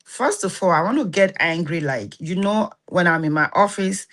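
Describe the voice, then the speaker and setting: A woman with a Nigerian Yoruba accent talks to her live-stream audience in a slightly low voice. She speaks animatedly and acts out the people she quotes in lively back-and-forth. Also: normal speed. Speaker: host of a live stream on relationships and healing.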